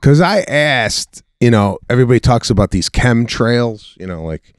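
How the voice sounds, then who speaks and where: A man's voice: medium pitch, expressive, normal speed, clear, resonant tone, no echo. A man with an ordinary mid-range voice, chatting casually on a comedy podcast. He rambles through his stories, restarting his sentences and swearing freely. The recording is dry and close-miked. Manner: loose, rambling anecdotes with frequent restarts and swearing. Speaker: podcast co-host.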